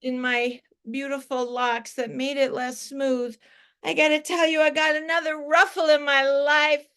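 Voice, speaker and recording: A woman playing a flustered, needy guest with a very high voice. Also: little pitch movement, a little slow, fairly bright tone. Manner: flustered and self-dramatizing. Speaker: improviser. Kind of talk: improvised comedy sketch. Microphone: video call.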